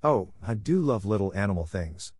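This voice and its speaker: A man voicing a gentle, hopeful young girl who speaks in an earnest, tender and polite way. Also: fairly low pitch, very animated, moderate pace, breathy edge, no room sound, studio quality. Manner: earnest and tender, softly affectionate.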